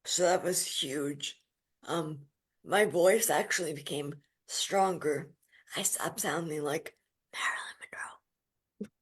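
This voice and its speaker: Husky low-voiced woman telling her story. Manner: lively, emphatic storyteller. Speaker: podcast guest. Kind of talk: casual interview storytelling.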